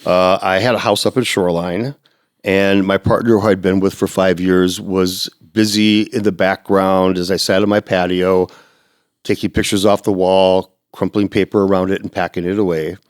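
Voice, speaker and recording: A man telling his recovery story in a casual podcast chat, acting out sounds and quotes and jumping into a high, excited voice. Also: normal speed, dry recording, studio quality. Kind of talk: animated personal storytelling.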